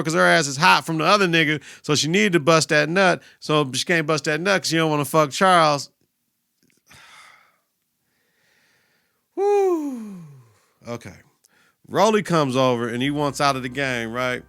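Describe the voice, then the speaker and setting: A man hosting a reaction podcast, retelling a TV episode in a profane, animated way with laughs and mock outrage. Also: fairly high pitch, a little slow, vocal fry, pauses often, no echo, studio quality. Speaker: podcast host.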